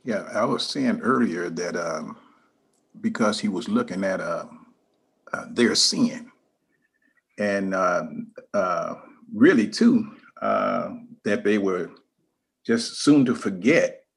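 Man, Bible study participant, raspy voice, hesitant, halting answer. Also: lowish voice. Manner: hesitant, many fillers. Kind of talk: group discussion answer.

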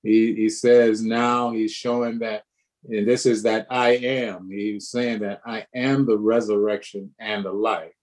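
A man's voice: fairly low pitch, little pitch movement, unhurried, darkish tone. A man who is a pastor, leading a conversational Bible study, asking emphatic questions and repeating words.

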